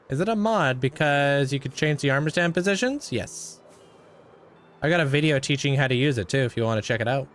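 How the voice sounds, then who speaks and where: A man's voice: mid-range voice, fairly bright tone, clear, resonant tone. A young man livestreaming a game, chatting casually and greeting viewers by name. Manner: laid-back, thanks and greets viewers by name. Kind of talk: casual chat with live viewers while playing.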